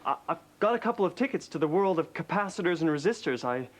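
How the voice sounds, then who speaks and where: A man's voice: fairly high pitch, animated, fast talker. A young man playing a glum, lovesick technician in a TV sitcom, talking in hesitant, stammering bursts. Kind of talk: TV sitcom acting.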